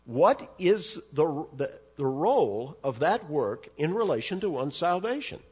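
A man's voice: fairly high pitch, very animated, a little slow, breathy edge, lo-fi sound. A male pastor preaching an expository sermon, earnest and emphatic, pushing up on key words to stress them.

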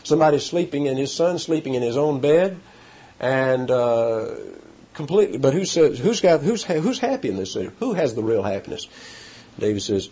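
A man preaching a sermon with animated delivery, his pitch jumping up for emphasis, with halting restarts. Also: breathy edge. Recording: dull lo-fi sound.

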